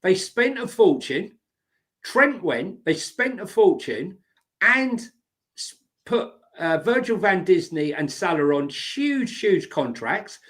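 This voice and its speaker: High-voiced man arguing football opinions. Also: sing-song, slow pace, fairly bright tone. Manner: emphatic, argumentative, repeats himself. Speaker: podcast co-host. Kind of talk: casual football discussion.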